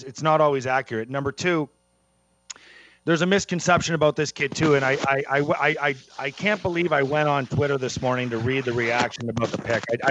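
A man's voice: fairly high pitch, a bit bright, no room sound, dull audio. A man hosting a casual sports talk radio show, talkative and prone to repeating himself.

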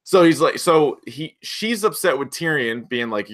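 A man co-hosting a casual chat recapping a TV episode, animated and jumping between points. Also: mid-range voice. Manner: animated, jumps between points, quotes scenes in quick asides. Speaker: podcast co-host.

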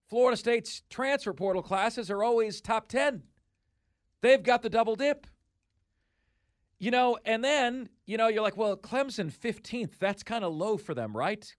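A man with a notably high speaking voice holds forth as a sports talk radio host, emphatic and opinionated. He drives his points home by repeating them. The sound is close and dry, with no room around it. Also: no room sound.

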